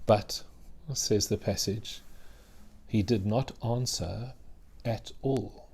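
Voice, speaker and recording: Male minister, sermon, earnest and conversational, lowish voice, uses dramatic pauses. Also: darkish tone, breathy edge.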